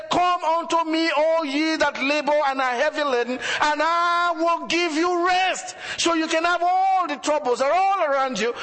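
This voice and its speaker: A man's voice: very high-pitched, sharp tone, big-room sound. A man preaching a sermon as a pastor, building emphasis through repeated phrases.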